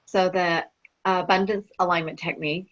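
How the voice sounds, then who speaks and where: Low-voiced woman asking interview questions. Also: fairly even intonation, normal speed. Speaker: summit host interviewer. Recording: dull lo-fi audio.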